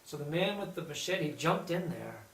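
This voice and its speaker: Gravelly man telling a story from across a room. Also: fairly high pitch, normal speed. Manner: animated storytelling, quoting others in lively bursts. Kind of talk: casual spoken anecdote. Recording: roomy echo, distant mic, faint background hum.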